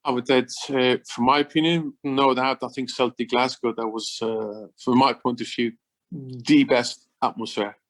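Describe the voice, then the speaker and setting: A man's voice: medium pitch, fairly even intonation, normal speed. A middle-aged man, chatting as an interview guest, enthusiastic and repeating words as he goes. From Switzerland. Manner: enthusiastic, repeats words, non-native phrasing. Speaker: former footballer guest. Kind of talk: casual interview chat.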